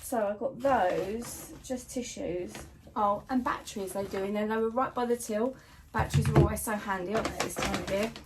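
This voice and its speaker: A woman's voice: mid-range voice, fairly even intonation, fairly quick. A middle-aged British woman chatting casually to her viewers as a lifestyle vlogger at home, rambling and friendly. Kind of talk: casual chat to camera. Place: at home, in a home office. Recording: noisy home recording.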